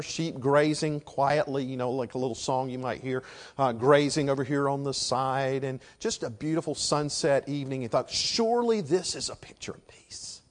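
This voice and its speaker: A man preaching a sermon, dropping to a hush and then rising to loud shouted emphasis. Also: a little high. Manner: swings from hushed to shouting for emphasis.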